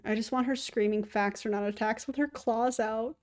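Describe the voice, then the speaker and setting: A woman's voice: on the high side, fairly even intonation, moderate pace, a little mellow. A woman hosting a casual livestream, chatting to viewers and cooing to her cat. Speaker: streamer host.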